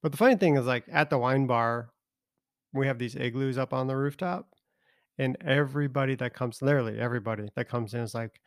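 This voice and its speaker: A man's voice: mid-range voice, brisk, dry recording. Man, podcast co-host, laid-back, hesitant, dry close recording. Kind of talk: casual chat.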